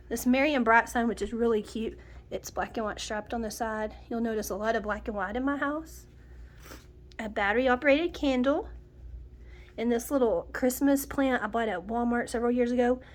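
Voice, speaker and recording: A middle-aged woman talks through her decorated home in a chatty, homey way. She names the items one by one. Her voice sits a little high and sounds nasal and sniffly from a cold. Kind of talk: casual home tour narration.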